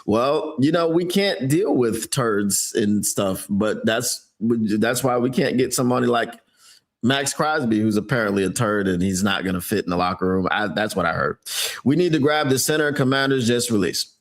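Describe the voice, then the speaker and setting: A man hosting a fan sports podcast, casually commenting and reading a news story aloud in an excitable, slangy, joking way. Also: mid-range voice, moderate pace.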